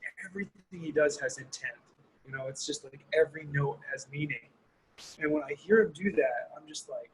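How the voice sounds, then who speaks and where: A man's voice: on the high side, fairly quick, slight background noise, low-quality recording. A man, a guest horn player, answering questions on a video call in a thoughtful, rambling way full of "you know" and "like". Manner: thoughtful, uses many fillers like "you know" and "like". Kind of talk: reflective conversational answers.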